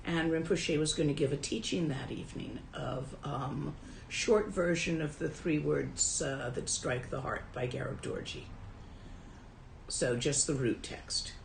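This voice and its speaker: A woman's voice: deep voice, measured pace, gravelly, echoey room, slight background noise, poor audio. A woman who teaches Buddhism and translates Tibetan, telling a story from her own life in a dharma talk in a casual, wry way.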